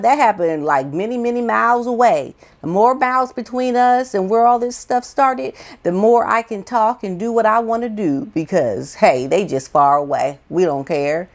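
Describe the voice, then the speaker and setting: A woman giving an indignant, incredulous opinion commentary monologue full of rhetorical questions. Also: fairly high pitch. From United States. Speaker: vlogger, commentator.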